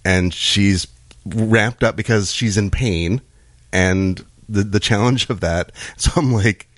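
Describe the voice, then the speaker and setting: A man's voice: on the low side, takes it slowly, a bit bright, dry recording. A middle-aged man co-hosting a casual podcast chat, dry and sarcastic, laughing often. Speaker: podcast co-host.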